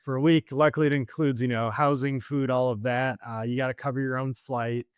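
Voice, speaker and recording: A man's voice: mid-range voice, fairly even intonation, brisk, clean tone, no room sound. Guy guesting on a podcast, earnest, emphatic, dry close sound. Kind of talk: casual chat.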